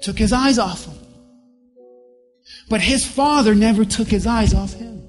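A pastor preaching a sermon with emphasis, slowing down to stress key words. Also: mid-range voice, faint music behind.

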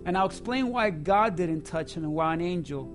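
High-voiced preaching man, dynamic. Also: animated, moderate pace, faint music behind. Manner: dynamic preaching, swinging from loud emphasis to hushed asides. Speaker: pastor. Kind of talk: sermon.

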